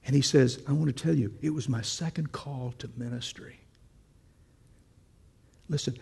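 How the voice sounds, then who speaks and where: A man's voice: medium pitch, moderate pace, creaky, warm tone, slightly rough, long reverb tail. A man preaching a sermon, telling a story and asking the congregation questions in a conversational way.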